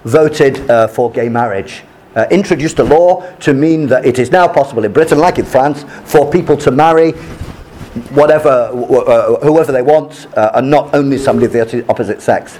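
A man teaching by reading a news article aloud and explaining it, pausing often with fillers. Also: mid-range voice, darkish tone. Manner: halting explanations with many fillers between read passages.

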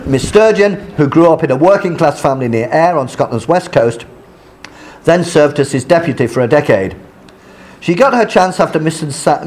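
Animated man explaining an article aloud. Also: a little high. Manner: halting explanations with many fillers between read passages.

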